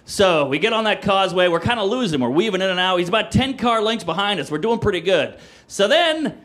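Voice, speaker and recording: A middle-aged man from the New Orleans area, telling a rowdy, profane story on a podcast, acting out voices and yelling. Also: high voice, fairly quick. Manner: excitable, profane, acts out voices and yells. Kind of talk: animated comedic storytelling. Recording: noisy background hiss.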